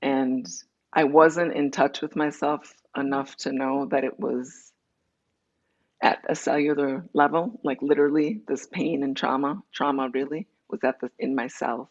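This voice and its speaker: A woman interview guest candidly tells her personal story in quick runs, acting out the dialogue as she goes. Her voice is bass with fairly even intonation, and the audio sounds dull.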